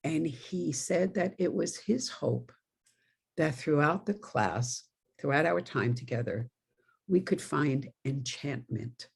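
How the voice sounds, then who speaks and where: A woman's voice: sits low, animated, takes it slowly, vocal fry, slightly rough. A middle-aged woman minister from New York giving a conversational sermon, telling stories with laughing asides. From New York, USA.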